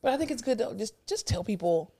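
Blunt, animated young woman co-host. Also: fairly high pitch, fast. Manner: blunt, animated, laughs often. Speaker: podcast co-host. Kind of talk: casual chat.

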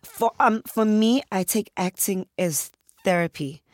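A woman from South Africa with a Zulu accent, an actress talking lively in a radio studio interview with frequent ums. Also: mid-range voice, unhurried, dry recording. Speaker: actress, guest. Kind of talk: conversational interview.

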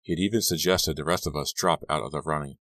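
Deep deep voiced guy narrating a story, steady, dry close mic. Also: fast talker, dry recording. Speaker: audiobook narrator. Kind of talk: scripted first-person narration.

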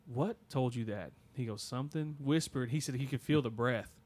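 A man's voice: medium pitch, normal speed, darkish tone, breathy edge. A man co-hosting a podcast, casually telling a listener's spooky story with many fillers and restarts. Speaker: podcast co-host.

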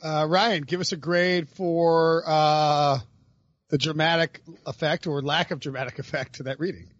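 A man hosting a casual podcast talks in a rambling way and laughs as he goes. He often breaks off and restarts his sentences. His voice sits a little high, with a dull, dry, lo-fi sound. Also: steady tone, a little slow, a bit bright, no room sound. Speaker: podcast host. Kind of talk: casual chat.

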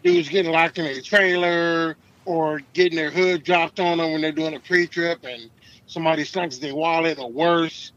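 A middle-aged man, a truck driver, telling stories casually, profane and animated, acting out the people in them. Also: a little high, moderate pace, dull audio. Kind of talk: casual podcast storytelling.

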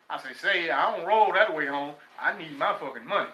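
A man's voice: fairly high pitch, a little fast, pushed and bright, roomy sound, low-quality recording. An older man from Texas, telling stories casually and profanely as a guest. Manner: profane, laughing storyteller. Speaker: guest, former prisoner. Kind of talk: casual storytelling.

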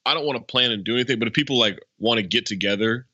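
A man's voice: medium pitch, very fast, bright, forceful tone, no echo. A man hosting a podcast, chatting casually and rambling with lots of fillers. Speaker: podcast host. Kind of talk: casual chat.

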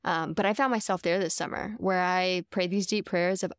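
Lady telling a heartfelt faith story, kinda low voice, lots of "like"s, chatty and sincere. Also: steady tone, normal speed, clear, resonant tone, no room sound, clean studio sound. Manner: earnest and heartfelt, uses many "like" fillers. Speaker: podcast co-host. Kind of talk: casual faith testimony.

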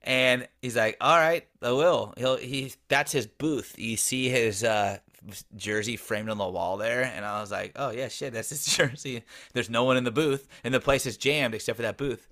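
A man's voice: mid-range voice, steady tone, normal speed, fairly bright tone. A man co-hosting a casual sports podcast, blunt and profane, telling stories with animation. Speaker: podcast co-host.

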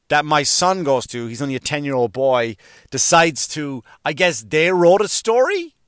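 A man's voice: mid-range voice, fairly bright tone, no room sound, studio quality. A man telling a comedic rant with profanity and exasperation, often stammering and repeating words.

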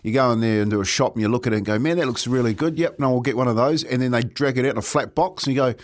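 A man's voice: mid-range voice, rapid-fire. Laid-back New man chatting. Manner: relaxed, chuckling, slangy. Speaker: radio co-host. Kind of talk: casual banter.

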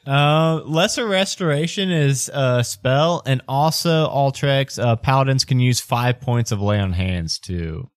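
A man running a tabletop game as game master, narrating with plenty of pauses and fillers. His voice sits at an ordinary pitch, and the recording is dry and close. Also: smooth, no echo.

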